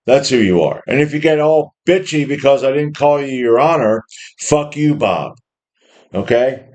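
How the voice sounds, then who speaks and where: A man's voice: medium pitch, animated, moderate pace, a little mellow. A man in his fifties giving a blunt, profane opinion monologue, often restarting his sentences and mocking others in put-on quotes. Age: 50s. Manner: restarts and repeats words often. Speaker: home gym channel host.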